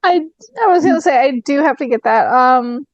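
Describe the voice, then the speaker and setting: A woman's voice: high-pitched, lively intonation, moderate pace, no echo, highs cut off. A woman playing a tabletop game, talking hesitantly with many fillers. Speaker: player. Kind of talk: casual tabletop game chat.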